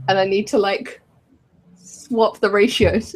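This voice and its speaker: A woman's voice: mid-range voice, fairly even intonation, takes it slowly, low-quality recording. A woman co-hosting a podcast, chatting casually and thinking aloud while she draws, often giggling. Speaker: podcast co-host. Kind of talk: casual chat while drawing.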